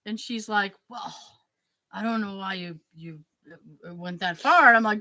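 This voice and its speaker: A woman podcast host telling a story in casual chat, acting out the quoted dialogue with lively emphasis. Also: medium pitch, normal speed, dry recording, low-quality recording. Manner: animated, acts out quoted dialogue.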